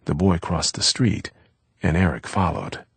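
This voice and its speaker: A man reading a novel aloud as an audiobook narrator, with a measured, steady delivery. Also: low-pitched, creaky, breathy edge, no room sound.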